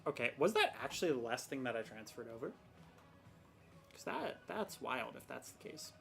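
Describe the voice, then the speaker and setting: A woman's voice: a bass voice, sing-song, normal speed, vocal fry, soft background music. A young woman streaming a game, chatting casually and rambling with self-mocking exasperation about her technical troubles. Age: young adult. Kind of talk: casual live-stream chat.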